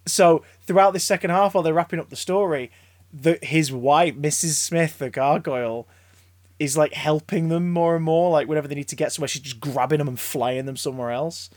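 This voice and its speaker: A man chatting casually as a podcast co-host, an excitable storyteller who rambles, stammers and restarts his sentences. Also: fairly high pitch, brisk, no room sound, clean studio sound. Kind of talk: casual chat.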